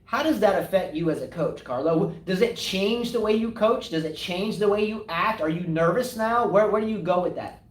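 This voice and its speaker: A man's voice: high voice, normal speed, far from the mic. A man co-hosting a live tennis talk show, arguing his points with rhetorical questions. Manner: animated, argumentative, rhetorical questions. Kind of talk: casual live-stream discussion. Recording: echoey room, voice away from mic.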